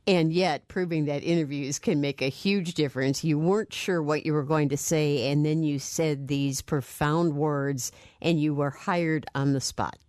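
A woman's voice: sits low, fairly even intonation, measured pace, hardly any pauses, a little mellow, no room sound, studio quality. A woman hosting a radio interview, briefly summing up what her guest said.

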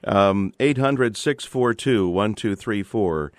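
A man with a low voice hosting a public radio call-in show, recorded close and dry in a studio. He speaks in a relaxed way, with plenty of fillers and restarts as he reads out station details and introduces his guest and callers. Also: slow pace, no room sound. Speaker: radio talk show host.

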